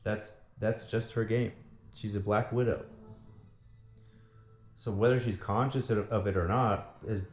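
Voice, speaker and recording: A man's voice: fairly low pitch, fairly even intonation, unhurried, long pauses, soft background music. A man in a bitter, profane personal rant about a former partner, often repeating himself. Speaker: vlogger. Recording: echoey room.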